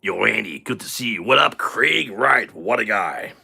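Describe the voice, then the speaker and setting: Guy putting on a sloppy drunk bro, low husky voice with a sharp edge, crude and cocky. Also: animated, normal speed, heavily acted. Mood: boastful. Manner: crude, rowdy, swaggering banter. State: tipsy from shots. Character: crude boastful drunken American man. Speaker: livestream host. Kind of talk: live stream chat in character.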